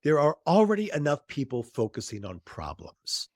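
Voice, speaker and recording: A man's voice: a little high, wildly swooping pitch, moderate pace, a little mellow, no echo, studio quality. A man hosting an interview podcast, enthusiastic and affirming toward his guest. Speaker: host.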